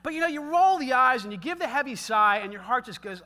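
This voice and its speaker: A man preaching a sermon in an animated way, speaking directly to his congregation. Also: very high-pitched, quick pace, few pauses. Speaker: pastor.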